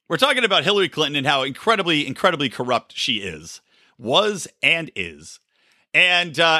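A man's voice: fairly high pitch, pushed and bright, no echo, clean studio sound. A man hosting a podcast, ranting sarcastically about politics and swearing freely, short on sleep. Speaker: podcast host. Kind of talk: solo political commentary.

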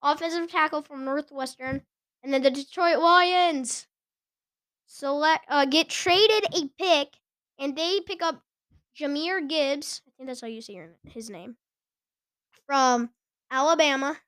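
Woman host, high voice, casual and giggly, often fumbles words, dry close sound. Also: a little slow, fairly bright tone, dry recording. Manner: chatty, giggly, stumbles over names. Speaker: podcast host. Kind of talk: casual sports chat.

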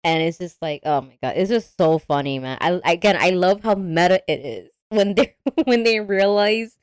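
A woman co-hosting a podcast, chatting about a movie in an animated way, laughing often and acting out quotes. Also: lowish voice, normal speed, clean tone, no room sound, clean studio sound. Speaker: podcast co-host. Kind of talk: casual movie discussion.

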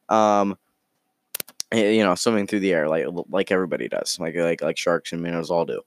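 A man hosting a podcast, chatting casually and telling an improvised story in a rambling, joking, halting way. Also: deep voice, no room sound, clean studio sound. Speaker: podcast host.

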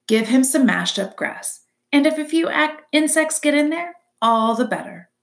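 A woman voicing a bossy, blunt old female goose in a storybook reading, talking in a brisk, scolding way. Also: high-pitched, lively intonation, gravelly, voice pushed up.

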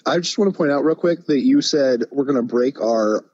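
A man co-hosting a casual chat show, laughing often and reacting with lively energy. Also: medium pitch, fairly quick, slightly rough, no echo, dull audio. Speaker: podcast co-host.

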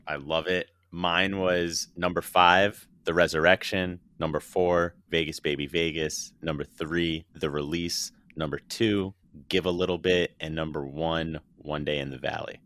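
Very deep, bright-toned male host. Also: steady tone, unhurried, no echo, studio quality. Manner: leads the segment, recaps and asks the others in turn. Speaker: podcast co-host. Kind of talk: casual chat.

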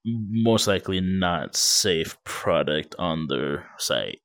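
A man's voice: low voice, animated, slow, creaky, a bit bright, no echo, studio quality. A man co-hosting a podcast, talking in a laid-back way with casual slang. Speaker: podcast co-host. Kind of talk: casual chat.

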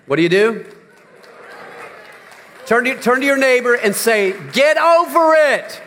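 An older man preaching a sermon, moving from quiet, low-key talk to loud, shouted emphasis. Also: measured pace, in a large hall, some chatter behind, slight background noise. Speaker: pastor.

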